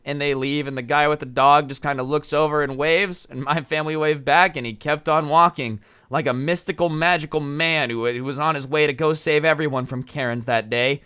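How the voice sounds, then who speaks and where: A man's voice: on the high side, fairly even intonation, a little fast, few pauses, pushed and bright, smooth. A young man, a YouTuber, casually telling a story with many fillers and an amused tone. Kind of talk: storytime vlog.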